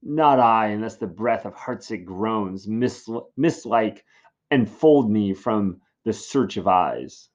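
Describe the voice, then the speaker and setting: A man's voice: on the low side, animated, takes it slowly, a little mellow. A man reading aloud as a desperate, lovesick young man, pleading anguished lines of verse. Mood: despairing.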